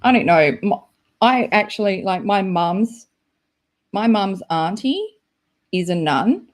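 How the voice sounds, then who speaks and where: A woman's voice: medium pitch, big pitch swings, slow. A woman hosting a live stream, chatting casually and rambling with lots of "like" and giggles. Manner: rambling, giggly, full of "like" fillers.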